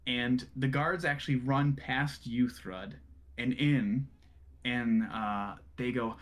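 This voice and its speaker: A man's voice: medium pitch, steady tone, slow pace. A man narrating a tabletop game as game master, loose and full of fillers. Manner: loose, rambling, with many fillers.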